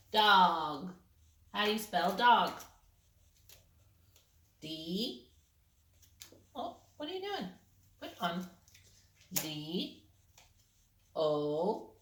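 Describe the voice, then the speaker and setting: A woman coaching a small child through spelling, patient and encouraging as she sounds out each letter. She talks very slowly with a lively, rising and falling voice. The room around her is echoey. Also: mid-range voice. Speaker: parent teaching a child. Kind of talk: spelling lesson with a young child.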